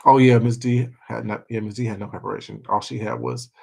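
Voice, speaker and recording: A man's voice: fairly low pitch, steady tone, quick pace, creaky, darkish tone, rough recording. A man chatting casually with his viewers on a stream, rambling, laughing and swearing freely. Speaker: livestreamer.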